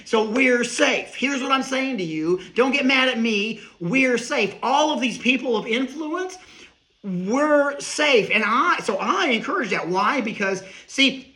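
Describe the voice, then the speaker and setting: Middle-aged male comic, high bright voice, rambling riffs and asides. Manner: rambling, riffing, quick asides. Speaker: comedian and speaker. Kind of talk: comedic monologue.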